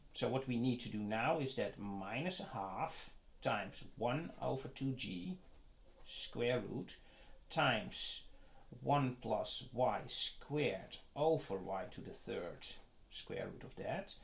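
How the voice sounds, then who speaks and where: A man teaches calculus at an unhurried, slow pace. He walks through each step methodically and keeps pausing to check that his listeners are following. His pitch sits in a middle range for a man. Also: animated, creaky. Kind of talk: math lecture.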